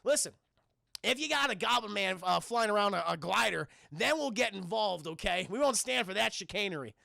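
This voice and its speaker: A man's voice: high voice, fairly quick, creaky, no room sound, studio quality. A man casually recapping a film scene by scene for his stream chat, rambling and profane. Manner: animated, profane, rambling storytelling.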